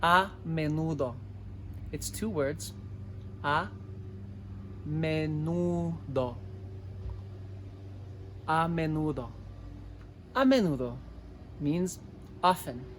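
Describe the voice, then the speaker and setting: A man teaching a language lesson, repeating each word slowly and clearly so listeners can type it. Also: fairly high pitch, expressive, fairly bright tone, slight background noise. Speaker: Spanish teacher. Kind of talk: slow dictation-style language lesson.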